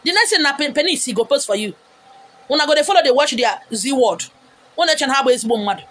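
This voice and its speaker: A middle-aged woman with a Nigerian accent, delivering a loud, scolding vlog rant with sudden high outbursts. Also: animated, fast talker. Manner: wears a wig on camera. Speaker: vlogger. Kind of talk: ranting vlog monologue.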